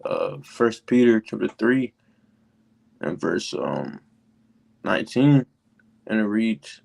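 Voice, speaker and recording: A man co-hosting a casual Bible study who reads verses slowly and talks in slang. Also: fairly low pitch, very animated, vocal fry, darkish tone. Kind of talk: casual religious discussion and scripture reading.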